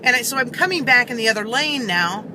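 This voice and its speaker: A woman's voice: on the high side, lively intonation, quick pace, noisy background. A woman vlogger earnestly telling a story to camera, rambling with many fillers and restarts, seated in a car.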